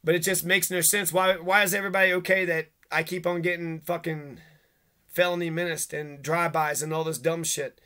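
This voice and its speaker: A man's voice: on the high side, flat delivery, fairly quick, pushed and bright. A man ranting angrily to camera, swearing constantly and accusing people one after another. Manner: agitated, profane, accusatory. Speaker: vlogger. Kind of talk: angry rant to camera.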